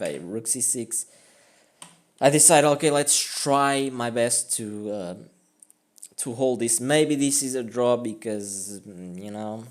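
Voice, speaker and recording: A man with a lowish voice gives casual, rambling commentary on his own chess game. He mocks his own mistakes and fills his talk with "like" and "I mean."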